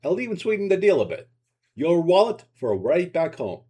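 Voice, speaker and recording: A man's voice: sits high, very animated, moderate pace, dark tone, husky, pitched above the performer's own voice, exaggerated voice. A man voicing a menacing male Russian mafia thug with a Russian accent, in a storybook reading, with a taunting, mocking manner.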